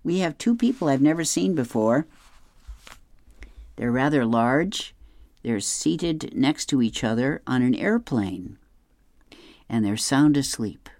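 Slow, dry man reading the comics. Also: medium pitch, animated, a little mellow, dry recording. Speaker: reader of advice column and comics. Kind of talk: reading newspaper comics aloud.

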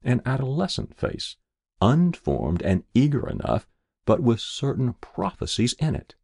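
A man narrating a story in an expressive, measured storytelling manner. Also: mid-range voice, creaky, slightly rough, dry recording, studio quality. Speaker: audiobook narrator.

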